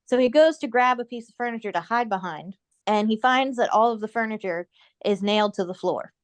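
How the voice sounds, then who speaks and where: Woman, podcast co-host, fairly high voice, dry close sound, animated storytelling. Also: a little fast, dry recording. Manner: animated storytelling, quoting characters in put-on voices. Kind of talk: casual chat recapping a cartoon.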